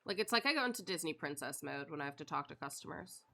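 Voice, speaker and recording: A woman's voice: deep voice, expressive, fast, creaky, bright, forceful tone. A woman streamer chatting casually while she plays a game, rambling with lots of fillers and laughs. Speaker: live streamer. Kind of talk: casual chat while gaming.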